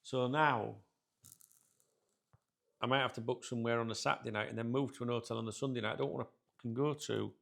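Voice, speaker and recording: A man's voice: medium pitch, steady tone, brisk, creaky, long pauses, fairly bright tone. A middle-aged man, hosting a football channel and grumbling to camera in a rambling, sweary, casual rant. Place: sat in a chair indoors.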